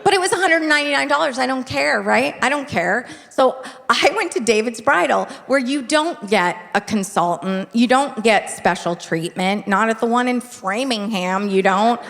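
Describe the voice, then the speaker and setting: A woman in her fifties doing stand-up comedy, telling stories in a wry, deadpan way and acting out big voices for the people she quotes. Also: a little high, normal speed, gravelly, few pauses. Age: 50s. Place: theater stage before a live audience. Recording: live hall with audience laughter.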